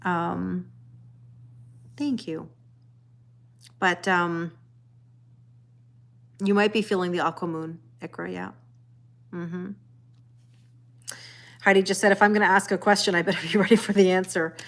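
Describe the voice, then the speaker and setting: A woman's voice: lowish voice, steady tone, unhurried, creaky, pauses often, fairly bright tone. A middle-aged woman hosting a casual livestream, chatting to viewers and reading their comments aloud, laughing often and repeating her phrases. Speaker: tarot reader livestream host.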